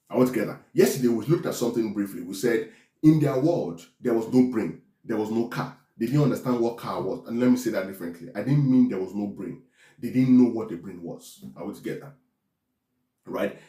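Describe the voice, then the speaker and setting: A man's voice: medium pitch, dark tone, roomy sound. A man preaching a teaching sermon, emphatic and repeating phrases for stress, who keeps asking his listeners to check in with him.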